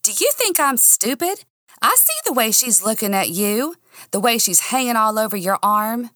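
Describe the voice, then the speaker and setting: A woman reading the part of a drunk, heartbroken young Southern woman who lashes out in a shrill voice. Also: expressive, measured pace, fairly bright tone, no room sound, clean studio sound. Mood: drunk, furious. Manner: shrill, lashing out.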